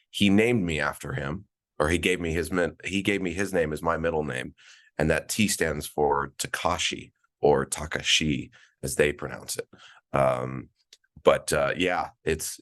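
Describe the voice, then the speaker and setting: A man in his forties with a very deep, low-pitched voice, chatting as a podcast guest. He tells stories in a loose, relaxed way, full of fillers and restarts. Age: 40s. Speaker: guest, events director. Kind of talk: casual interview chat. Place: at a conference, remote call.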